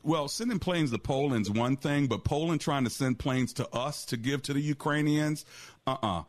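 A man's voice: mid-range voice, moderate pace. A man hosting a call-in radio show as a pastor, talking conversationally with preacherly asides.

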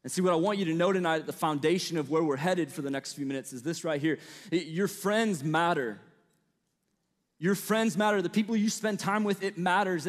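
A man's voice: sits high, in a large hall. A young man from the Midwestern US with a light Southern twang, preaching to college students in a casual, chatty way full of fillers and asides. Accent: Midwestern American with a slight Southern twang. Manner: conversational, storytelling, lots of fillers and asides.

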